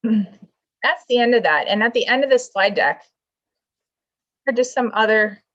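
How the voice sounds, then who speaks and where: A woman's voice: a little high, lively intonation, a little slow, a bit bright. A woman teacher giving an online class lesson over a video call, checking answers aloud and coaxing her students along. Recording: dull lo-fi video call audio.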